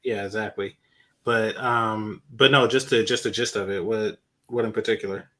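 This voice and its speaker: A man's voice: lowish voice, steady tone, moderate pace, bright, forceful tone. A man joining a casual live-stream chat as a guest, polite and hesitant, with many fillers.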